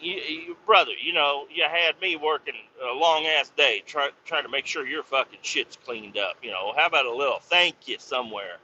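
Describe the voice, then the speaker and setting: A man's voice: a little high, fairly quick, few pauses, sharp tone. A man hosting a podcast, telling a rambling, profanity-laced story about his work day. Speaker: podcast host. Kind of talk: casual storytelling. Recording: slightly dull lo-fi sound with faint noise.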